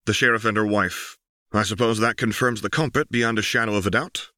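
Lux, a quick-witted young mage woman in an audiobook, snaps out orders in a high, ringing voice over roaring engines, as a man puts her on. The tone stays bright and forward, with no room sound around it. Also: fairly even intonation, no room sound, clean studio sound. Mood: wry.

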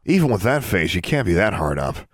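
A man's voice: low voice, big pitch swings, brisk, no echo, studio quality. A man voicing a smug, taunting older schoolboy wizard.

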